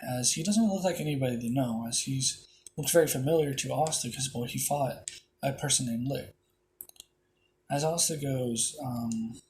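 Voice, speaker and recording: A man's voice: mid-range voice, slight background noise. A man casually retelling a fan-made story, rambling with many fillers and restarts.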